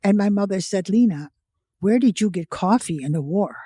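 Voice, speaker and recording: A woman's voice: mid-range voice, lively intonation, moderate pace, warm tone, breathy edge, no echo, studio quality. A woman in her eighties from the United States, a podcast guest telling her life story and acting out the voices of the people in it. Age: 80s. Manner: vivid storyteller who acts out quoted voices. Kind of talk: personal storytelling.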